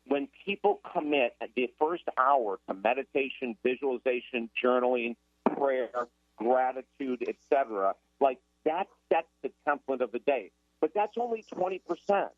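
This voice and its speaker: A man, a guest author in a radio interview, talking in an emphatic, energetic motivational way. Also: medium pitch, normal speed, dry recording. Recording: tinny phone line.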